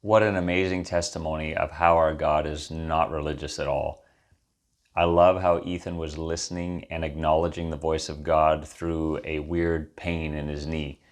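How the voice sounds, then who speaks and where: A man's voice: extremely low pitch, flat delivery, normal speed. A man as ministry host, giving an earnest, sermon-like encouragement after a testimony. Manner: earnest and exhorting.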